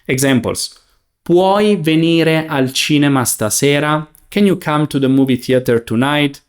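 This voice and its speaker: A man teaching a beginners' language lesson, saying examples slowly and clearly. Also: fairly high pitch. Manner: slow, clear, enunciating. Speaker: Italian teacher.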